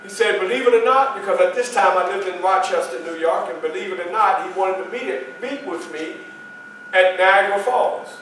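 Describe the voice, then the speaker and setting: An actor playing Frederick Douglass, telling his story in a first-person stage monologue with emphatic, dramatic pauses. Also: high-pitched, fairly bright tone, slight background noise. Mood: earnest. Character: Frederick Douglass, adult male statesman recounting his life. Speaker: historical reenactor. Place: library meeting room, live audience. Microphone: far camera. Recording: echoey room from far off, faint ambience.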